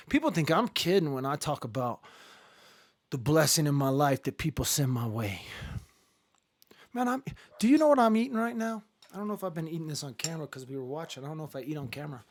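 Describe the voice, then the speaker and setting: A man hosting a casual live stream, rambling and joking, swinging between low muttering and loud outbursts. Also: big pitch swings, fast talker, dry recording. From Ireland.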